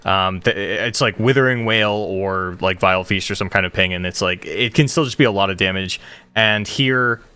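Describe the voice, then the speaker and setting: A man commentating a live card game tournament in a relaxed, chatty way. His voice sounds bright, and he is quick to laugh at himself. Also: low voice, clean tone, no room sound. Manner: chatty, laughs often, self-deprecating. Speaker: esports caster.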